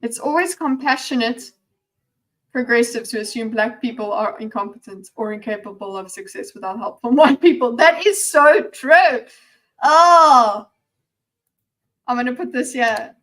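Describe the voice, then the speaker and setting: A woman giving casual reaction commentary on a discussion video, chatty and animated, often stammering and restarting, sometimes dropping to a near-whisper. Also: fairly high pitch, fairly quick.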